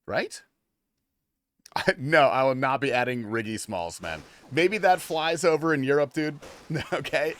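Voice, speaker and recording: A man's voice: medium pitch, measured pace, fairly bright tone, a little hiss or hum. A young man from the United States chatting casually on a game livestream, reading chat and swearing freely. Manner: casual, swears and laughs, reads chat aloud. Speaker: livestream gamer.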